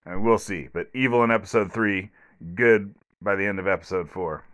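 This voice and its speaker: Male solo podcast host, lowish voice, rambling and blunt, lots of fillers, recorded alone at home. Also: fairly quick, fairly bright tone. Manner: rambling, with many fillers and restarts; blunt, sarcastic commentary.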